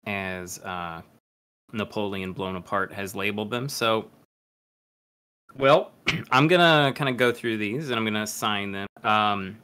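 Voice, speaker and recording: A man hosting a comedy podcast in a relaxed, hesitant way, handing out readings and asking for donations. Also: on the low side, a little slow, smooth. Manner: relaxed, hesitant, uses many fillers. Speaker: podcast host. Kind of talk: casual hosting.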